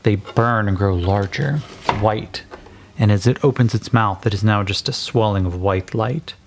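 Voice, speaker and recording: A man's voice: fairly low pitch, measured pace, noisy background. A man narrating and playing a solo tabletop game, calling dice rolls casually and swearing now and then.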